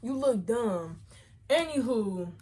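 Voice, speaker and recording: Animated chatty young woman telling a story. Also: on the high side. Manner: animated, chatty, slangy, quick self-corrections. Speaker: storytime vlogger. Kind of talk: casual storytime chat.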